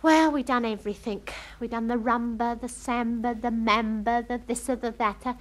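A woman's voice: fairly high pitch, moderate pace, close to an everyday voice. An actress playing a chatty, starry-eyed young working-class girl in a comic monologue, gossiping with homely, ungrammatical speech. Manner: lively, breathless gossiping storyteller.

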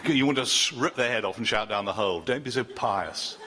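A man's voice: mid-range voice, a little fast. An older man preaching a sermon in a chatty, joking way, often breaking off mid-sentence and teasing the congregation.

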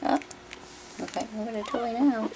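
A woman talking in high sing-song baby talk to her puppies at home, filmed on a handheld camera. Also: moderate pace, vocal fry, very noisy. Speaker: dog owner filming her puppies.

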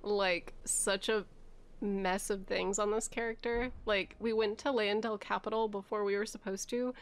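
A woman's voice: medium pitch, fairly even intonation, normal speed. Woman game streamer, chatty and giggly, casual live-stream talk. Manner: giggly and chatty, laughs often.

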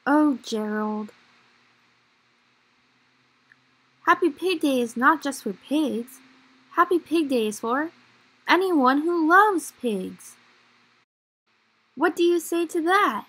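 A cheerful little pink pig from a picture book, read aloud by a woman storyteller. She talks in a high, bouncy sing-song and exclaims at nearly everything. It comes across as a gentle children's book reading. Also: animated, slow, heavily acted. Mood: comforting. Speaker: library storyteller.

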